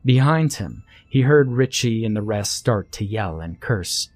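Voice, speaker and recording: Male narrator for a scary story: slow, deliberate, ominous read, low pitch, soft music underneath. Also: animated, no room sound. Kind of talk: scripted horror story narration. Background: faint music.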